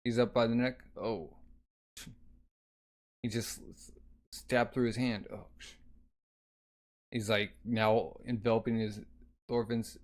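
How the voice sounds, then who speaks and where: A man's voice: lowish voice, flat delivery, slow, pauses often. A man casually reading a manga aloud, narrating the action and speaking the sound effects. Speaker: manga reader.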